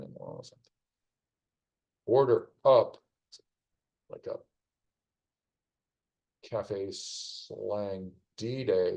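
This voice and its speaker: Male streamer, low and gravelly, mellow tone, casual wry muttering while solving a crossword. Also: poor audio. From United States. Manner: rambling, wry asides, thinking aloud.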